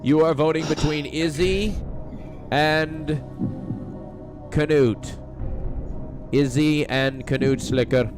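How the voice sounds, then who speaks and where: A man running an elimination round on an online podcast, his voice a little higher than most. He calls turns and breaks up shouting matches. Music plays clearly under the call. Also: steady tone, slow, long pauses. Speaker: podcast host. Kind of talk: casual chat, game-show hosting.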